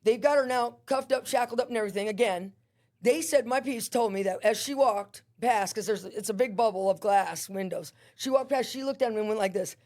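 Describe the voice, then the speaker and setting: A woman's voice: a little high, a little fast, darkish tone. A woman guest animatedly telling a personal testimony, acting out scenes with voices and sound effects.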